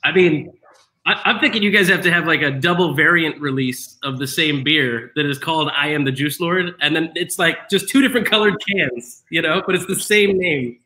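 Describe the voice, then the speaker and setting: A man's voice: on the high side, normal speed, sharp tone, low-quality recording. A man hosting a casual live chat show, playful and teasing. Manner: laughs often, playful teasing. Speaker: show host.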